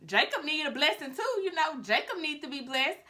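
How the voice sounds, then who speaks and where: A woman voicing a scheming, bossy mother who gives brisk commands. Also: high voice, very animated, pushed and bright, exaggerated voice.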